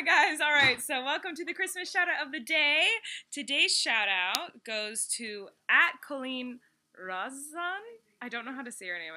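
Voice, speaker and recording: A woman's voice: fairly high pitch, bright, forceful tone. A woman in her twenties chatting in a bubbly, giggly way on her daily vlog. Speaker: vlogger. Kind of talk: casual vlog chat.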